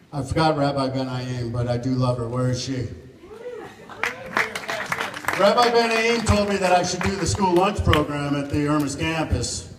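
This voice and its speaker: A man giving a rambling, joking thank-you speech at an event, chuckling often and close to tears. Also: fairly high pitch. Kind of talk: emotional off-the-cuff speech. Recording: echoey hall from far off, noisy room.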